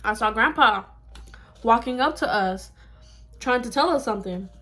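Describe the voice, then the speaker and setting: A woman's voice: a little high, lively intonation, moderate pace, fairly bright tone. Nervous little boy, evasive, played by a young woman. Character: scared young boy, her little brother.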